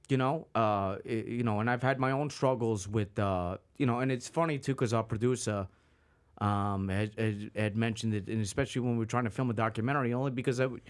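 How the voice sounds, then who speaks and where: A man hosting a podcast, chatting casually with his guest, halting often with fillers and swearing freely. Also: lowish voice, clear, resonant tone. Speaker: podcast host. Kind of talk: casual interview chat.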